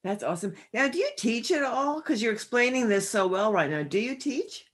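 A woman's voice: a little high, animated, fairly quick, slightly rough. Enthusiastic woman podcast host. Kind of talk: casual interview.

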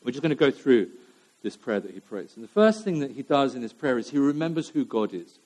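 A man's voice: mid-range voice, very animated, a little fast, darkish tone. A man preaching a sermon to his church, talking in a conversational way with fillers and repeated phrases.

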